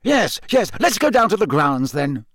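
A defensive, blustering middle-aged male minister from a storybook, talking impatiently in a raised, lively voice, voiced by a man reading aloud. The sound is dry and close. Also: on the high side, normal speed, no room sound, pitched above the performer's own voice.

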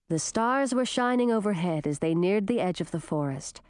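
A woman narrating a fantasy storybook in a clear, steady reading voice. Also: medium pitch, normal speed, few pauses, no room sound, studio quality. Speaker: audiobook narrator.

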